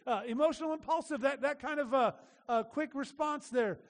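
A male pastor giving a conversational sermon, animated, acting out little voices and asking the room questions. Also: very high-pitched, brisk, in a large hall.

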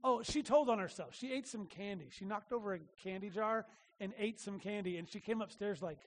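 A male pastor giving a conversational sermon, animated, acting out little voices and asking the room questions. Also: high voice, a little fast, big-room sound.

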